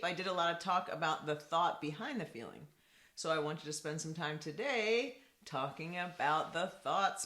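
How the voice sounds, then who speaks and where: A woman therapist giving a teaching talk to camera, repeating key points and often checking in with a rhetorical "right?". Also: on the low side. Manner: lively, repetitive, asks rhetorical "right?". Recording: echoey room.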